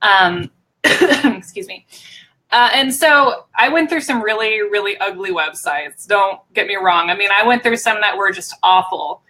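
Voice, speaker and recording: A woman as a guest in a casual live chat, easygoing with ums and some throat clearing. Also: mid-range voice, measured pace, bright, forceful tone, low-quality recording. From United States.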